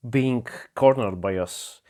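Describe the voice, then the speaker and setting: Slow, halting solo game narrator, man. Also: mid-range voice, warm tone.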